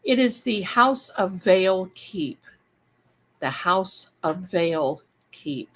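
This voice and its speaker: A woman's voice: lowish voice, animated, takes it slowly, a bit bright, slightly rough. A woman hosting a casual livestream, chatting and rambling to her viewers. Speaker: live-stream host.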